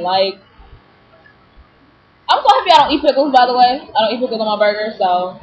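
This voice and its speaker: Casual vlogger, woman, higher register, animated and indignant, muffled webcam sound. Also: a little fast, long pauses. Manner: animated, indignant storytelling with many fillers. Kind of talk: casual vlog rant. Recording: dull lo-fi webcam audio with faint hiss.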